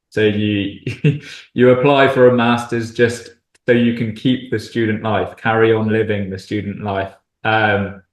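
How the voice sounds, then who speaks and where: A man in his twenties from Cornwall, chatting as a guest in an easygoing, friendly way with a little humor. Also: mid-range voice. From Cornwall, England. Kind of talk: casual conversation. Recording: echoey room.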